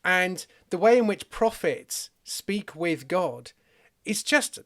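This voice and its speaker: Chatty man with a slightly high voice. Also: expressive, slow pace, fairly bright tone. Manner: thinking aloud with frequent restarts, playful. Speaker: podcast host. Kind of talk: casual conversation about comedy and faith.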